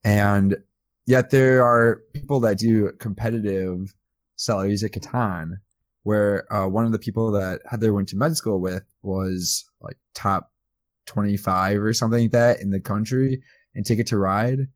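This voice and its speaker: A man with a low voice rambles through a casual conversation with friends. His sound is dry and close, with no room around it. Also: steady tone, a little slow, no echo. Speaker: podcast host. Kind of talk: casual chat.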